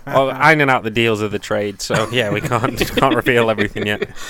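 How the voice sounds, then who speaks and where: A man's voice: mid-range voice, a little fast, crowd noise. A man co-hosting a casual podcast, making dry jokes. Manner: dry, joking. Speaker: podcast co-host. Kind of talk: casual chat.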